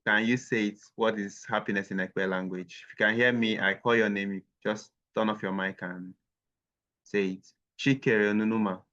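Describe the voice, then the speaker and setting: Male teacher, lower pitch, patient and repetitive, online lesson on a muffled call line. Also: fairly even intonation, a bit bright. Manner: patient, slowly repeats words for learners. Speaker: language teacher. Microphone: video call. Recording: dull lo-fi call audio.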